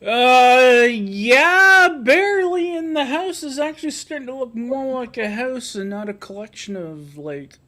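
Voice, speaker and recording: A man co-hosting a live stream chat, talking in a relaxed way with some hesitation. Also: very high-pitched, a little slow, hardly any pauses. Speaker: co-host.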